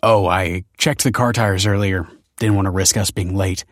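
A man voicing an anxious middle-aged father in a storybook reading, tense and quick to bristle. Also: low voice, steady tone, no room sound, clean studio sound, close to an everyday voice. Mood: evasive.

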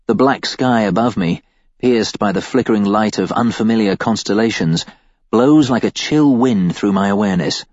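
Male audiobook narrator, lowish pitch, wry deadpan first-person read, dull sound. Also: normal speed, no echo.

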